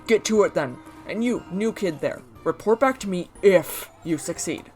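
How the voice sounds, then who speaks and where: A woman voicing a bossy, overworked male head chef in a video game, talking brusquely and loudly. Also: on the low side, animated, normal speed, faint music behind, close to an everyday voice.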